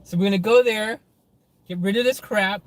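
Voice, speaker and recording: A man's voice: high voice, moderate pace. A man chatting casually to viewers on a phone livestream from inside his car, laughing often.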